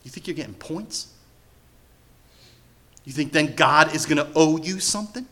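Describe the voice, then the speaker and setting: A man preaching a sermon as pastor, telling a story in an animated way. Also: fairly high pitch, moderate pace. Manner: animated storytelling, acting out quoted voices.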